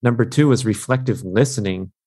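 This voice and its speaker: A man's voice: medium pitch, warm tone. Enthusiastic male podcast host. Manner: enthusiastic, recaps points, quick asides. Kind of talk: casual podcast interview.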